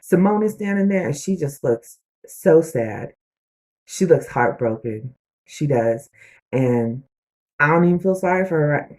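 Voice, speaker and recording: A woman giving a casual, animated recap of a TV episode, storytelling with slang and asides to her viewers. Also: deep voice, unhurried. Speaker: TV show reviewer.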